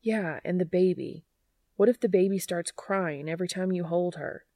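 A woman voicing an anxious grown man whose speech comes out rushed and rising as he rambles through his worries. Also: low voice, flat delivery, gravelly, a little mellow, no echo, studio quality. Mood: panicked.

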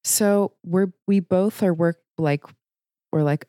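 Deep-voiced chatty woman. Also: takes it slowly, mellow, no room sound, studio quality. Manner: chatty, rambling storyteller. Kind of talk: casual chat.

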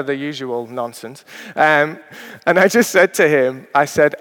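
A man's voice: fairly high pitch, measured pace, fairly bright tone, smooth. Earnest male pastor preaching in a reverberant hall. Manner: earnest, conversational preaching with personal stories. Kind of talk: sermon.

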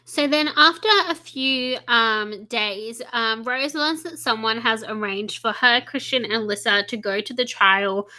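Young woman, chatty, casual book talk, bright tone, somewhat high pitch. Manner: chatty, quick recaps, frequent "like" and "um". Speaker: book discussion co-host.

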